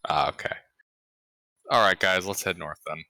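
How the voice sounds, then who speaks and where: A man's voice: low-pitched, moderate pace, gravelly, bright, forceful tone, no room sound. A man playing a tabletop game, playful and stumbling over his words. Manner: playful, hesitant, restarting words. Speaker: player. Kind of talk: casual tabletop play.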